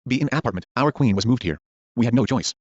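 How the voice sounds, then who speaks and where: Guy reading a whole movie script real quick, flat delivery, muffled dry audio. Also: mid-range voice, no room sound. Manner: reads character names and stage directions aloud in one voice. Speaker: script reader. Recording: dull lo-fi dry recording.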